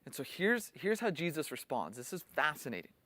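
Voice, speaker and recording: A man's voice: fairly high pitch, very animated, a little fast, pushed and bright, no room sound. Conversational preacher man, dry sound. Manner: conversational teaching, acts out quotes with rising intensity. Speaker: pastor. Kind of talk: sermon.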